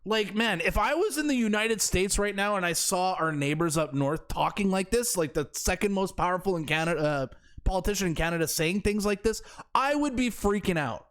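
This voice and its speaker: A male commentator with a high voice that swings widely as he mocks and scoffs. He talks in a sarcastic, incredulous way, heaping scorn on his subject. This is opinionated commentary delivered straight to the viewer. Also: lively intonation, a little fast, a bit bright. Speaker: political commentary host.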